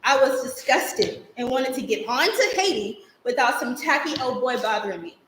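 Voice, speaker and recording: On an echoey live stage, a young woman with a high, expressive voice performs a theatrical monologue at normal speed, playing a spirited girl who recalls her childhood through vivid, rhythmic storytelling. The stage actor is heard over a noisy background.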